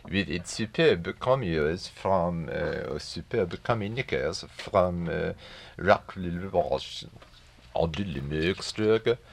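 A man putting on a Swedish accent to play a film director praising a film, mock-solemn and halting. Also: low-pitched, creaky, a little hiss or hum, heavily acted. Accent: Swedish, put on.

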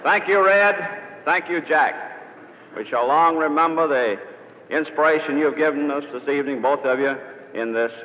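A man's voice: on the high side, normal speed, a little hiss or hum. A man hosting an evening event, thanking the speakers formally. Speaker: event host. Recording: old lo-fi recording in a large hall.

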